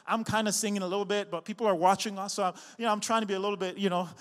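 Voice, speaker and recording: A male pastor preaching, swinging from loud, rising refrains to a chatty storytelling manner full of fillers and restarts. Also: high voice, steady tone, racing. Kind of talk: sermon. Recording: long hall reverb.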